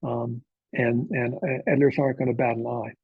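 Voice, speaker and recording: A man's voice: medium pitch, little pitch movement, fairly quick, creaky, husky, no room sound, narrow, tinny audio. A man, a novelist, giving an informal workshop talk to writers, speaking conversationally with frequent filler uhs and checking in with "okay?".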